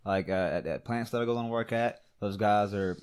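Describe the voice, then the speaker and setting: A man's voice: on the low side, moderate pace, darkish tone, clean tone. A man co-hosting a podcast in casual chat, blunt, profane and rambling. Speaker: podcast co-host.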